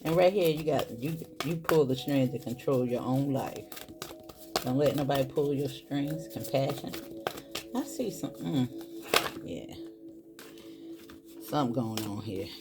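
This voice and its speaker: A woman's voice: rumbling low, unhurried, pauses often, over music. A woman, doing a casual tarot reading and talking straight to her viewers. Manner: animated, exclaiming, talks straight to viewers as boo and y'all. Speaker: tarot reader.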